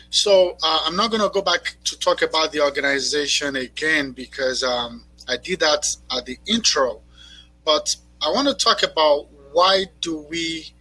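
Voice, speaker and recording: A middle-aged man opening a conference panel as moderator, speaking in a halting way with many fillers and repeated words. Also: fairly high pitch, sharp tone, low-quality recording. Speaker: panel moderator and expo organizer.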